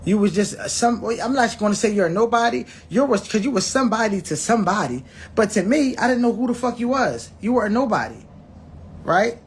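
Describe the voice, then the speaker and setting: A man's voice: sits high, expressive, a little fast, slight background noise. A man telling viewers a personal story in a blunt, profane way, restarting his words and acting out what people said. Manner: blunt, profane, acts out quoted dialogue; repeats and restarts words often.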